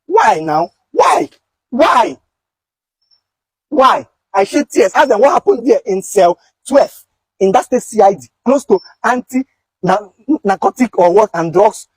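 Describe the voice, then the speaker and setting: Nigerian man, husky voice, fast urgent pleading, high-pitched, dry sound. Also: a little mellow, no room sound. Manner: urgent, pleading, repeats phrases. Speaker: content creator recounting police detention. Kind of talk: emotional direct-to-camera appeal.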